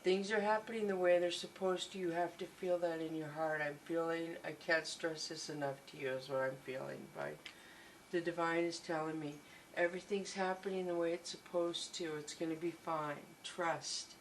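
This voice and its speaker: A woman's voice: on the low side, slight background noise, rough recording. A woman giving a tarot reading, gushing and reassuring, often repeating her encouragements. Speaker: tarot reader.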